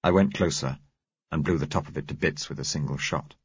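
A man narrating an audiobook in a measured, even storytelling manner. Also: a bass voice, husky, dry recording. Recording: dull, muffled recording.

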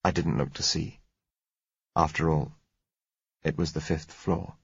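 Deep husky male audiobook narrator. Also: fairly even intonation, unhurried, no echo. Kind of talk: first-person novel narration. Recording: dull, dry lo-fi recording.

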